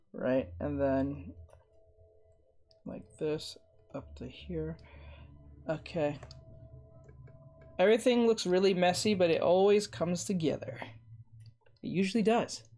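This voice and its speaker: A streamer talks slowly and lazily while sketching live, bantering and teasing the chat in between. Quiet asides follow the drawing step by step, and the voice sits at an everyday middle pitch, recorded on a desk mic. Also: vocal fry. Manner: playful, teasing banter with chat, talking through sketching steps. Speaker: art streamer.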